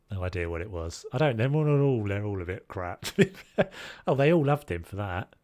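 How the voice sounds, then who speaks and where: A man's voice: on the low side, very animated, normal speed, darkish tone. A man with a Scottish accent, chatting casually and joking at himself while live-streaming a game. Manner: joking, self-mocking, swears mildly.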